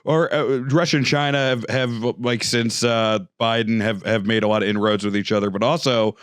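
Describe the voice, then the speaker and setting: A man's voice: lowish voice, fairly even intonation, moderate pace, smooth, dry recording. Wry sarcastic male podcast co-host. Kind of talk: casual podcast chat.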